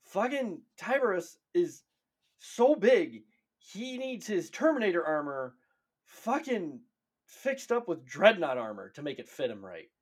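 A man co-hosts a podcast with a husky, fairly high voice that swings widely in pitch. He talks excitably and emphatically, with plenty of swearing. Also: a little slow. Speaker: podcast co-host. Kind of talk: casual chat.

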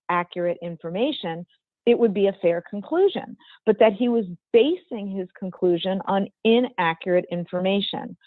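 An older woman, a former football executive, telling an interview story in a measured, emphatic way with a strong voice. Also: mid-range voice, no echo. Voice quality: strong, not dainty voice. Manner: measured, emphatic, precise phrasing. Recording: tinny phone-like remote line.

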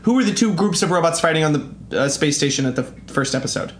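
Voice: medium pitch, animated, quick pace, reverberant, a little hiss or hum. A person in casual chat, incredulous and sarcastic, swearing freely and asking lots of questions.

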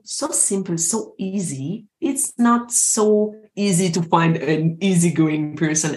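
A woman from France, a mindset coach speaking as an interview guest in earnest, deliberate English. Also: on the low side, darkish tone, roomy sound. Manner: earnest, deliberate, slightly non-native phrasing. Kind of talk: interview conversation.

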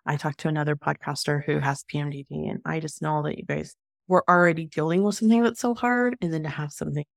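A woman's voice: sits low, steady tone, fast, gravelly, no room sound, clean studio sound. A woman, an author appearing as a podcast guest, speaking earnestly and reflectively in casual conversation. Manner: earnest, reflective, self-deprecating.

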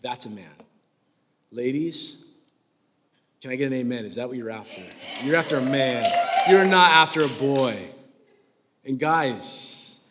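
Joking young preacher in a reverberant hall. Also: male voice, medium pitch. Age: 20s. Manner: joking, conversational preaching with rising excitement. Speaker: pastor. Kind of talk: sermon.

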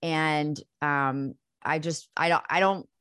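A woman in her forties speaks frankly as a therapist guest, unfiltered and easygoing. Her voice is lowish for a woman. The recording is dry and close. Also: steady tone, slow, a bit bright, smooth, no echo. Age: 40s. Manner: frank, unfiltered, swears freely. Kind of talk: casual interview.

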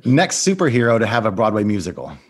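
A host interviewing a guest, upbeat and quick to laugh while asking rapid-fire questions. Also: male voice, lowish voice, huge pitch swings, breathy edge.

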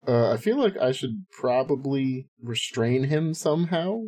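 A man's voice: mid-range voice, expressive, measured pace, darkish tone. A man playing in a tabletop role-playing game, bantering and joking. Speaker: player.

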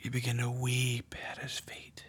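A man leading a guided prayer meditation, speaking slowly and softly and often dropping to a whisper. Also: medium pitch, completely flat delivery, slight background noise. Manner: slow, hushed, often whispering. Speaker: prayer leader.

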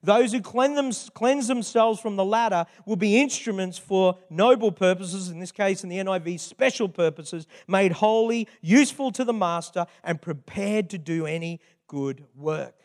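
High-voiced older male preacher. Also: a little mellow. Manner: conversational, chatty preaching with frequent asides. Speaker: pastor. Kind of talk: sermon.

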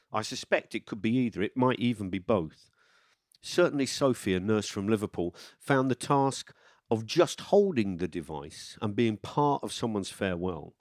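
A man presenting a documentary, reading scripted narration in a measured, reflective way. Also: mid-range voice, a little mellow, no echo, clean studio sound.

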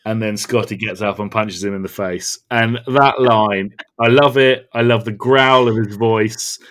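A man's voice: fairly low pitch, fairly even intonation, measured pace, fairly bright tone. A man in casual podcast chat, enthusiastically quoting favourite lines and laughing along. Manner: enthusiastic, quotes lines with relish. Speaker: podcast co-host.

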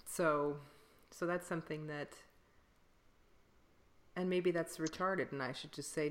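Her voice sits low with fairly even intonation, a slightly slow pace, and long pauses. She's a classical singer co-hosting a podcast, chatting casually, rambling with fillers and laughing frequently.

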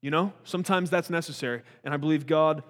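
A man's voice: on the high side, fast talker, long reverb tail. A man giving a conversational Bible teaching, earnest and talky, with frequent restarts and rhetorical questions.

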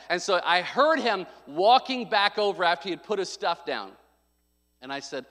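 A male pastor preaching a sermon, telling a story with loud bursts and sudden drops to quiet. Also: sits high, animated, moderate pace. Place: church sanctuary. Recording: long hall reverb.

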